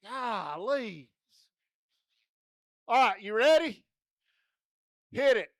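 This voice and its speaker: A man's voice: very high-pitched, animated, extremely slow, long pauses, a bit bright, dry recording, clean studio sound. A man at a rodeo arena, coaxing children into a contest in a folksy, joking way over a handheld mic. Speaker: rodeo entertainer running a kids' contest. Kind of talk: lively arena crowd-work.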